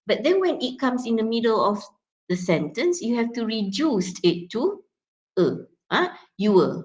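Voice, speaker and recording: A woman's voice: a little high, very animated, unhurried. A young woman with a Malaysian accent teaching English pronunciation in a lecture, mixing in Malay words and often checking in with "yeah?" and "okay". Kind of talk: classroom lecture.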